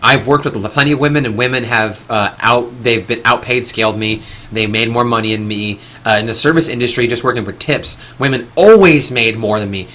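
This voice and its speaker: Give me a bright-voiced man ranting on a live stream. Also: mid-range voice, a little fast, hardly any pauses, slight background noise. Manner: rambling, with frequent restarts and casual swearing. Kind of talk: opinionated live-stream monologue.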